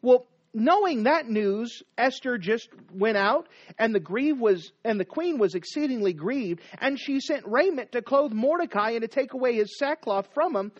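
Guy preaching, goes quiet then loud, kinda muffled and dry. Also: very high-pitched, expressive, normal speed, hardly any pauses, no room sound. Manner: dramatic, swings between hushed and raised. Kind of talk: sermon. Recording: dull dry recording.

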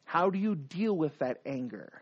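A preacher in full sermon mode, voice swinging widely up and down in pitch. The delivery keeps pressing the listeners with rhetorical questions and repeated commands. The recording is dull and lo-fi. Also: expressive, moderate pace, breathy edge.

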